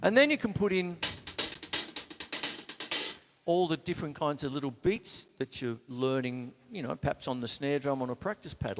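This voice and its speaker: A man with an Australian accent teaching drums in a live online lesson, counting beats aloud as he plays. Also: mid-range voice. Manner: casual, counts beats aloud while playing. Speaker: drum teacher. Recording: reverberant room with loud drums.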